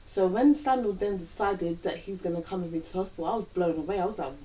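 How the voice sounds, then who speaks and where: Talking fast with hardly a pause, a woman with a lowish, mellow voice tells her partner a personal story, earnestly voicing her own thoughts. She co-hosts a vlog, and this reflective couple chat is picked up by a distant mic with faint hiss.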